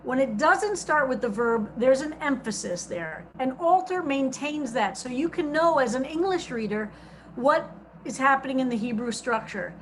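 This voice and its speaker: A woman with a high, light voice leads a text study as a rabbi over a video call. She reads each translated phrase slowly and stresses it, then explains it in an easy teaching tone. A faint hiss sits under the call audio. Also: animated.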